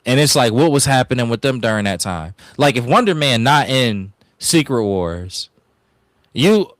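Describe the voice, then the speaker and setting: A man's voice: mid-range voice, big pitch swings, normal speed, no room sound. A man co-hosting a casual podcast, giving blunt opinions in informal slang. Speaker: podcast co-host.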